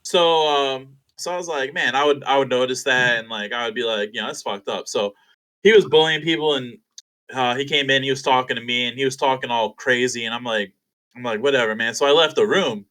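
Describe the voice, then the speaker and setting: A young man, a fighter guest on an interview show, telling stories in a casual, animated, profane way and acting out other people's lines. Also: mid-range voice, a little fast, low-quality recording. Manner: animated, profane, acts out quotes.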